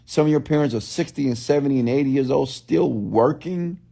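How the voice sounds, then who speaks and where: A man's voice: mid-range voice, brisk, gravelly, warm tone. A man giving a blunt, preachy motivational talk to a live audience, often asking if it makes sense. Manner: preachy, repetitive call-and-response questions; blunt, scolding. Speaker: motivational speaker.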